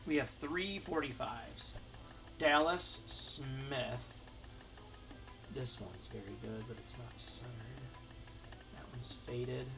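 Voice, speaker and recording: A man's voice: mid-range voice, takes it slowly, creaky, long pauses, distant mic, over music. A man from Michigan chatting casually as he sorts and counts hockey cards aloud for his channel. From Michigan, United States. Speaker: hockey card collector, channel host. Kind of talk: casual card-sorting commentary.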